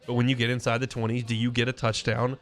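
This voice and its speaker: In a radio studio, a man hosts a sports talk show on a studio mic, offering casual, opinionated takes with frequent restarts. His mid-range voice is level and fast, and his manner is conversational.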